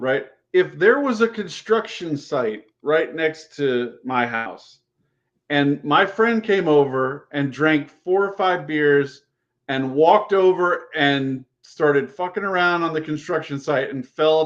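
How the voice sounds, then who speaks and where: A man on a video call panel, talking bluntly and emphatically about running games, often repeating himself. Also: fairly high pitch. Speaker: game master panelist. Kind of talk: casual panel discussion. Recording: dull lo-fi sound.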